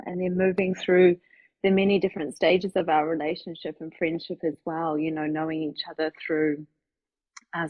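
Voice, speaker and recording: Bubbly, husky woman guest on a call. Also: lowish voice, no echo, muffled recording. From New Zealand. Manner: bubbly, laughs often, rambling. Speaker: guest, sex coach. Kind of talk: casual chat on a live stream.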